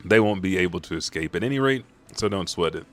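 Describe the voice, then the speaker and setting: A laid-back giant prince talking while he eats, dismissive and offhand, in a low voice, as a man reads him. He shrugs off worries as he speaks. It comes from a manga recap read aloud. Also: expressive, fast talker.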